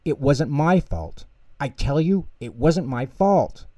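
A man's voice: on the high side, expressive, takes it slowly, warm tone, dry recording, pitched above the performer's own voice. A man voicing a stubborn little boy mouse in a bedtime storybook, insistent and sulky.

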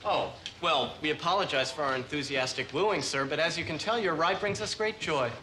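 A man's voice: a little high, brisk, lightly acted. A man playing a goofy overgrown man-child. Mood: sheepish. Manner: wisecracking, excitable, whiny. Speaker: actor in a sitcom. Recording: noisy old TV soundtrack.

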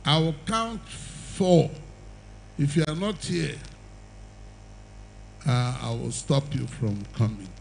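A man's voice: mid-range voice, slow pace, vocal fry, long pauses, slight background noise, rough recording. An older man preaching an evangelistic sermon and altar call, with emphatic, repetitive exhortation and the odd chuckle.

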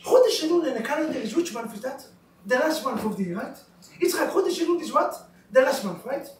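Man, rabbi, couples class, broken English, storytelling, high voice, roomy echo, distant mic. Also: expressive, fast talker, a little hiss or hum. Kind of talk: lively teaching with jokes. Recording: roomy echo, recorded from far off.

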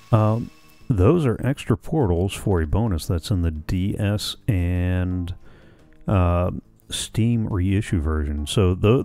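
A man talks his way through a video game in a relaxed, chatty, thinking-aloud manner. His voice sits very low with a gravelly edge and a dark, mellow tone. Faint game music plays underneath. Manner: chatty, muses aloud, reads game dialogue plainly. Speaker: let's play host. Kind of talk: casual gameplay commentary.

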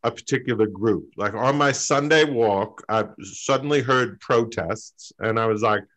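A man doing a stand-up story over a video call, halting, with lots of fillers and pauses. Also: lowish voice, a bit bright, poor audio. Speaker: stand-up comic.

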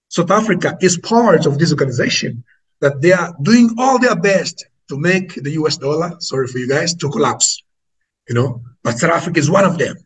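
A man's voice: fairly high pitch, slightly rough, low-quality recording. A man with an Angolan accent preaching to an online audience, emphatic and repetitive, calling his listeners family.

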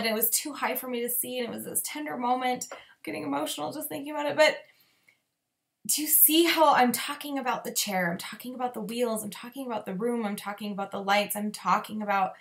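Woman in her 30s coaching other coaches, kinda high voice, super chatty, lots of likes and little laughs. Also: a bit bright. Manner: chatty, many "like"s, laughs often, acts out sample posts. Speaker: fitness business coach. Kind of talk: training talk to coaches.

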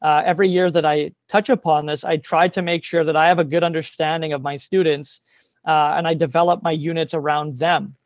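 Man, teacher, earnest and emotional, fairly high voice, dry sound, video call. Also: level tone, fairly quick, dry recording, muffled recording. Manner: earnest and openly emotional, frequent ums. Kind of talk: presentation over a video call.

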